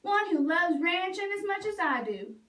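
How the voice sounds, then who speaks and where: A woman's voice: very high-pitched, very animated, normal speed, a bit bright, echoey room, distant mic, voice pushed up, heavily acted. A woman voicing a rich, spirited young ranch woman in a storybook, folksy and determined.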